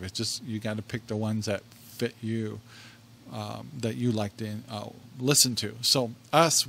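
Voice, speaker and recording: A middle-aged man hosts a laid-back podcast, speaking into a desk microphone in a mid-range voice. He rambles, laughs often and restarts his sentences as he tells stories. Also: mid-range voice. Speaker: podcast co-host. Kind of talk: casual podcast monologue.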